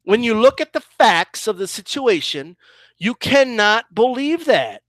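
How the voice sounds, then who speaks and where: A man's voice: very high-pitched, big pitch swings, a little slow, a bit bright, dry recording. A man with a combative, profane style, ranting heatedly as he reacts to a clip in boxing commentary.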